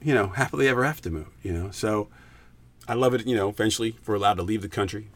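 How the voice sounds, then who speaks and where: A man's voice: fairly low pitch, fast talker. A man chatting casually as a guest on his wife's podcast, jokey and rambling, laughing a lot. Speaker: podcast guest, host's husband. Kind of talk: casual chat.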